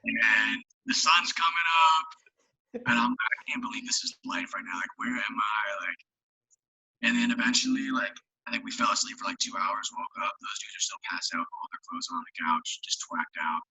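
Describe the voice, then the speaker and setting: A man's voice: medium pitch, moderate pace, gravelly, husky. A young man guest on a podcast, swearing and saying "like" constantly as he tells a wild story. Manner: loose, profane, heavy use of filler words; animated anecdote telling. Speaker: guest, hockey player and rapper. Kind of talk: casual storytelling in a podcast interview.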